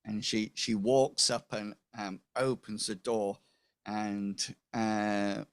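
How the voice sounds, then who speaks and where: A man's voice: on the low side, flat delivery, takes it slowly, clean tone, no room sound. A man narrating as game master for a tabletop game, rambling with many fillers.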